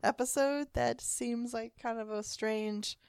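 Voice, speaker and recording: A woman co-hosting a podcast, reacting with quick interjections and giggles in a casual chat. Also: a little high, steady tone, darkish tone, clean tone, dry recording, clean studio sound. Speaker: podcast co-host.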